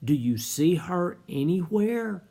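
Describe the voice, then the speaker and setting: A kind, gentle policeman from a spoken storybook, voiced by a man. He talks slowly and soothingly, with a husky edge to the voice. The tone stays calm and reassuring. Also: high-pitched, pitched above the performer's own voice, heavily acted.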